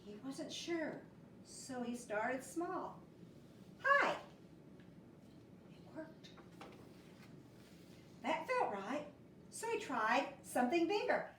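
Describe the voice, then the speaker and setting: A woman teacher reads a storybook to young children. Her voice is high and swoops up and down, and she takes her time. She sounds a little distant, in an echoey room. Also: sing-song, drawn-out words, pauses often, a bit bright, a little hiss or hum. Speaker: first grade teacher. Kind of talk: reading a picture book aloud to children.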